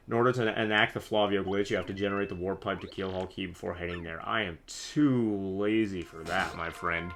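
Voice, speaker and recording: A man's voice: sits low, steady tone, a little fast, few pauses, a bit bright, slight background noise. A young man giving casual, joking live commentary on a video game in a goofy, slangy way. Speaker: gaming streamer.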